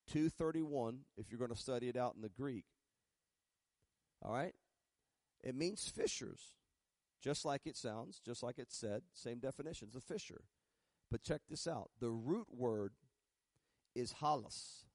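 A man's voice: mid-range voice, lively intonation, a little slow, long pauses, a little mellow, dry recording. Emphatic preacher man, dry sound. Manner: preaching with rising, emphatic bursts and spelled-out Greek words; folksy, uses "ain't" and humor. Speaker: pastor. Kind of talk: sermon.

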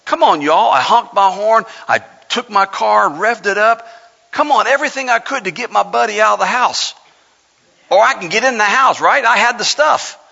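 Male preacher, sermon, bright gravelly voice, dull lo-fi hall recording. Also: high-pitched, normal speed. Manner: fervent, builds to hollering, folksy asides. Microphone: microphone. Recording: reverberant hall, dull lo-fi sound.

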